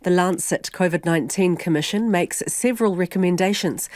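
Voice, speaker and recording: A woman reading news headlines on radio in a measured, formal way. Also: lowish voice, darkish tone, no room sound, studio quality. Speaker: newsreader.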